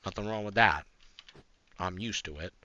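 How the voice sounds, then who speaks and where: A man streaming a video game, chatting casually to his viewers, rambling with fillers and swearing, breaking into frantic yells in fights. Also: lowish voice, moderate pace, no room sound, muffled recording. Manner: laid-back, swearing, rambling with many fillers; bursts into frantic yelling during fights. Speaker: gaming streamer. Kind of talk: casual live-stream chat while gaming.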